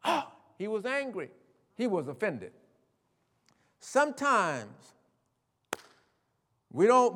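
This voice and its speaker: A man preaching a sermon in a folksy, conversational way, often addressing listeners as a friend and dropping low for asides. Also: fairly bright tone, big-room sound. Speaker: pastor.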